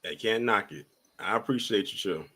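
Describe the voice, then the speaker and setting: A man's voice: fairly low pitch, moderate pace, sharp tone, breathy edge. A man hosting a casual live stream, calling up callers one by one and chatting in a laid-back way. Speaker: livestream host.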